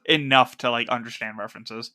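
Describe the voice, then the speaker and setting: A man with a bright, forceful voice co-hosts a casual podcast. He speaks with enthusiasm, laughs often, and leans on fillers as he talks. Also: medium pitch, fairly even intonation, a little fast. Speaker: podcast co-host.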